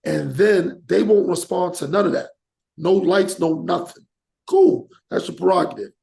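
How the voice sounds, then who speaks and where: Gravelly high-voiced man ranting on a podcast. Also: moderate pace. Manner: animated, rants with acted-out examples. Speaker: podcast host. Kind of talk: casual podcast chat.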